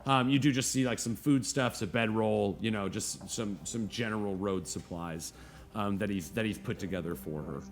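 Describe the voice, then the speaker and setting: A man narrating as game master, rambling with many fillers and now and then squeaking out children's voices. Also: normal speed.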